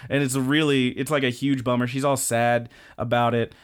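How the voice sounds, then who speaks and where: A young man co-hosting a podcast, recapping an anime in an animated, rambling and profane way. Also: mid-range voice, brisk, clear, resonant tone. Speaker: podcast co-host. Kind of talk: casual anime recap chat.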